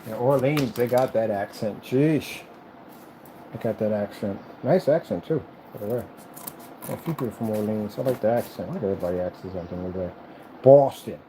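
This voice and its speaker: A man's voice: on the low side, normal speed, background noise. A man vlogging as he builds a computer, chatting casually in a rambling, repetitive and enthusiastic way. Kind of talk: casual chat while building.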